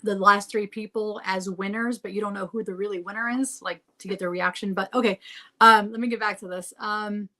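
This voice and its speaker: A woman's voice: medium pitch, steady tone, fairly quick, pushed and bright. Chatty woman podcast guest. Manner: chatty, stumbles and restarts, lots of "like". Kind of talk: casual chat.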